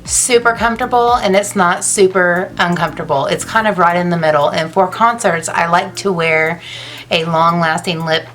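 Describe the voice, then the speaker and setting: A woman's voice: lowish voice, normal speed, fairly bright tone, faint music behind. A woman talking casually through her makeup in a rambling, gushing get-ready-with-me vlog. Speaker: beauty vlogger.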